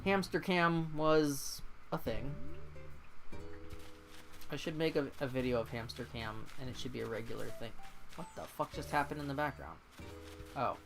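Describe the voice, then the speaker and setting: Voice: mid-range voice, normal speed, long pauses, over music. An exhausted, yawning streamer in casual game-stream chat, ranting and swearing with exasperation.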